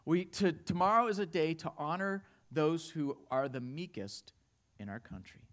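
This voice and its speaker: A man preaching a sermon, telling stories with animated swings between hushed and loud delivery. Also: fairly high pitch, moderate pace. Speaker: pastor.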